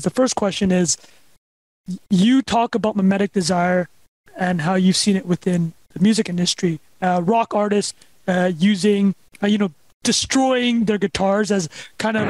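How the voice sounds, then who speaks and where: Man, high voice, halting and quick, podcast host, dry close sound. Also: fairly even intonation, no echo, low-quality recording. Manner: quick, halting questions with many ums and uhs. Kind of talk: interview questions.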